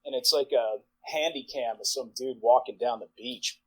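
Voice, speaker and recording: A man in his forties, a podcast guest, telling a long profane anecdote in a rambling way full of "like" and quick laughs. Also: medium pitch, a bit bright, slightly rough, rough recording. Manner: rambling, profane, filler-heavy, laughs mid-sentence. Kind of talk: casual storytelling anecdote.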